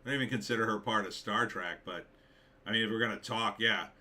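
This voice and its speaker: Guy reading chat on his live stream, low voice with a bright edge, blunt and opinionated. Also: quick pace. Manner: blunt, dismissive, opinionated, many fillers.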